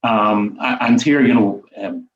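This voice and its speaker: A man's voice: lowish voice, a little slow, a little hiss or hum. A man in his seventies with a Northern Irish accent, reminiscing as an interview guest in a rambling way, peppered with "you know". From Northern Ireland. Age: 70s. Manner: rambling, lots of "you know" fillers, chuckles as he talks. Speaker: guest, former teacher and writer. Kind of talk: reflective conversational interview. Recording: distant, roomy, dull lo-fi sound.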